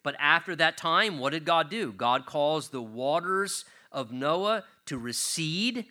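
A man's voice: on the high side, animated, slow, bright, forceful tone. An older man, a grandfather, preaching an earnest sermon, swelling and dropping in volume to stress key words.

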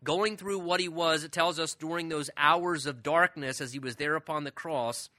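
A man's voice: on the high side, moderate pace, bright, forceful tone, no echo. A man preaching a sermon in an earnest manner, leaning hard on key words as he explains a passage. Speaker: pastor.

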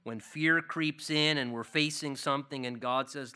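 A man's voice: medium pitch, moderate pace, pushed and bright, clean tone. A man preaching an expository Bible sermon, earnest and repeating key phrases for emphasis. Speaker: pastor.

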